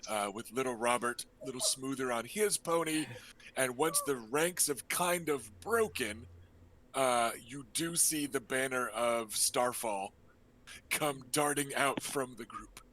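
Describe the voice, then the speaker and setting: A man narrating a tabletop role-playing game as game master, relaxed and full of ums and uhs. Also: mid-range voice, a little slow, slight background noise.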